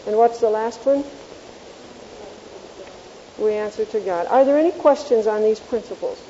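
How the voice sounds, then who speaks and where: Dark-voiced woman teaching a Bible class. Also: fairly high pitch, moderate pace, in a large hall. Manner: homely storytelling with self-mocking chuckles; quizzes the class on the points. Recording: dull lo-fi tape with faint hiss.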